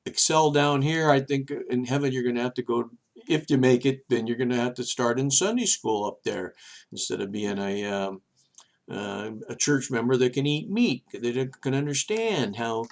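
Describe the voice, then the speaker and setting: A man hosting his own show, giving a rambling, halting religious monologue, dropping soft low asides between loud emphatic bursts. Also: gravelly. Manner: rambling, halting, many restarts and fillers. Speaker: show host.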